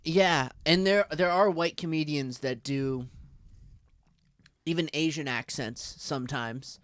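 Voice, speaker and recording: A man's voice: fairly high pitch, slow, a bit bright, no echo. An American man co-hosting a casual podcast chat, thinking aloud in a rambling way with many likes and restarts. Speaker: podcast co-host.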